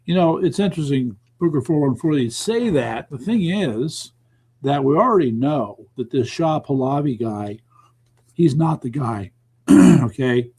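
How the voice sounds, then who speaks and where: A man co-hosts a casual talk stream, reading viewer comments and tossing in dry, wry remarks. His voice is mid-range and plain, at an easy conversational pitch. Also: lively intonation, measured pace, darkish tone, husky. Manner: dry, wry asides, reads chat. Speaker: co-host.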